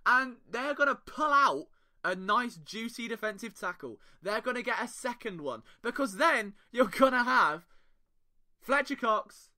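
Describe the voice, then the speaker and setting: Bright-voiced English man hosting a podcast. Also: extremely high pitch, lively intonation, a little slow. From England. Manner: playful, jokey, with mock voices and sing-song delivery. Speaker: podcast host. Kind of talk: solo sports podcast commentary.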